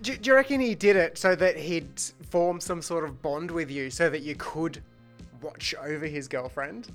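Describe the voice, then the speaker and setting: A podcast co-host in casual chat, reacting quickly and laughing along with the stories. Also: medium pitch, soft background music.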